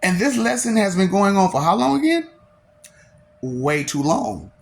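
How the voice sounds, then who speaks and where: A man's voice: high-pitched, big pitch swings, a little slow, vocal fry. A man delivering a taunting, slangy monologue, laughing often between lines.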